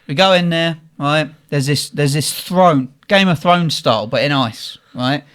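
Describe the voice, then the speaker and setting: Brief: young guy, podcast co-host, animated storyteller who swears freely, voice a touch higher than most men. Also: unhurried. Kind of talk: casual storytelling.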